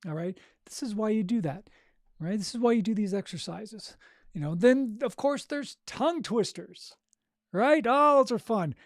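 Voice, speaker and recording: High-voiced man coaching vocal warm-ups. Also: animated, unhurried, no room sound, clean studio sound. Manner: encouraging, repeats "right?" and "okay?", demonstrates vocal exercises. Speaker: audiobook narration coach. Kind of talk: podcast coaching talk.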